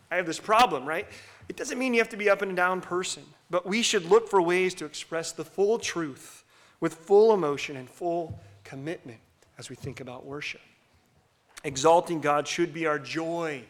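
A middle-aged man preaching in a church sanctuary, his voice bright and ringing and set somewhat high. He swings from hushed, intimate asides to loud, passionate declarations, and he pulls the congregation into call-and-response. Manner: animated, swings between loud bursts and hushed whispers. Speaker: pastor. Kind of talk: sermon.

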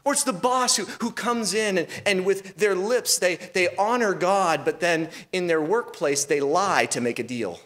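A man's voice: high voice, a little slow, hardly any pauses, fairly bright tone. A man preaching a sermon as pastor, asking rhetorical questions and restarting phrases as he goes.

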